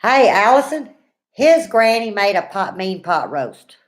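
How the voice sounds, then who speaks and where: A woman's voice: mid-range voice, very animated, a little slow. A woman, in her forties, hosting a casual livestream, chatting folksy and greeting viewers by name while reading comments. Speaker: livestream host.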